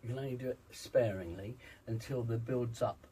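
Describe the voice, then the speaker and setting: A man's voice: mid-range voice, normal speed, dark tone, recorded from a distance, slight background noise, poor audio. A man working as a vocal coach, speaking emphatically in an interview and demonstrating vocal sounds. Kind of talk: interview, teaching voice exercises.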